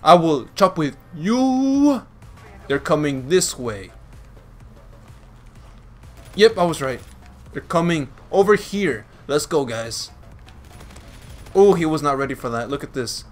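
A man giving playful, teasing commentary over his own gameplay, laughing often and breaking into excited yells. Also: a little high, unhurried, pauses often, faint music behind.

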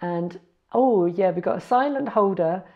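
A woman with a medium-pitched voice casually teaches some foreign words, slowly spelling each one out and fixing her own mistakes as she goes. The recording has its highs cut off.

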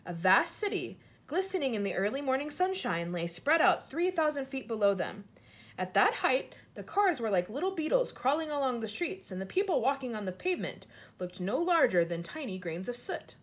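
Woman, storybook reader, husky, fairly high, lively. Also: moderate pace. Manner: lively, lifts her pitch high for character lines. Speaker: reader of a children's book. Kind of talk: reading a storybook aloud.

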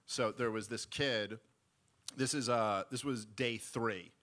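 Bright-voiced man doing stand-up. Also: medium pitch, slow. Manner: rambling, animated, acts out voices. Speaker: stand-up comedian. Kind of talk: stand-up storytelling. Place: live event stage.

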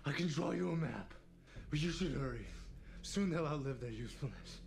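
A man's voice: on the high side, animated, moderate pace, vocal fry. An actor playing a captive man who grimly gives up information and warns the others to hurry, heard on a noisy TV clip.

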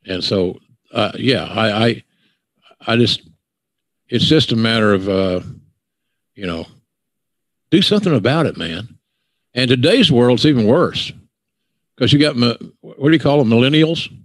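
A man's voice: mid-range voice, expressive, measured pace, long pauses, no echo. An older man with a Southern accent, hosting a podcast and ranting bluntly with profanity. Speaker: podcast host. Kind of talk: casual podcast chat.

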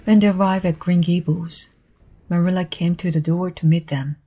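A woman reading a storybook aloud slowly and carefully for learners. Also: on the low side, fairly even intonation, warm tone, husky. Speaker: reader of a storybook.

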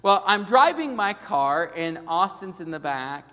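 A middle-aged male pastor preaching a storytelling sermon, dropping to a hush and then rising to loud emphasis. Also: high-pitched, sing-song, unhurried. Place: large church sanctuary. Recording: long reverb of a large church hall.

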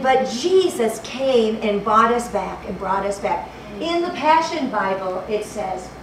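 Fervent woman preaching in an echoey hall. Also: fairly high pitch. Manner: fervent, repeats phrases, fumbles for verses. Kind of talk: sermon. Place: church hall. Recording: echoey hall, distant mic, background noise.

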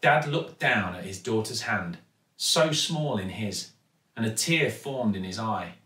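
A man with an English accent reading a children's storybook aloud with steady, expressive storytelling. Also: on the low side, unhurried, far from the mic. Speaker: actor reading a children's book. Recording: echoey room, voice from off-mic.

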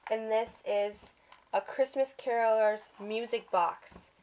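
A little high and darkish in tone, her voice moves at a slow pace. She's a vlogger casually showing holiday catalog items, gushing and chatty with fillers and small slips, and the recording sounds dull and lo-fi.

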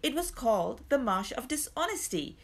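A woman's voice: a little high, big pitch swings, normal speed, vocal fry, slightly rough, pitched above the performer's own voice, full character voice. A woman voicing a stern female traveller who scolds her frightened companions. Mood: urgent. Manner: scolding, urgent.

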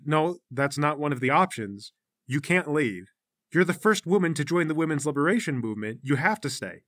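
A man's voice: a little high, expressive, moderate pace, a bit bright, no room sound, clean studio sound. A man playing Brongle, a pushy teenage gang leader. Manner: insistent, preachy, controlling.

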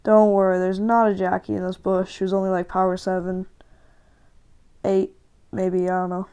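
A woman hosting a gaming channel and giving live, excitable commentary while she plays, often ranting and shouting in frustration. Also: medium pitch, normal speed, clear, resonant tone.

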